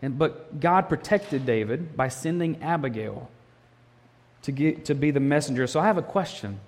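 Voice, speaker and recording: A man's voice: a little high, moderate pace. Man preaching a sermon in a reverberant hall. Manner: animated storytelling, acts out quotes. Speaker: pastor.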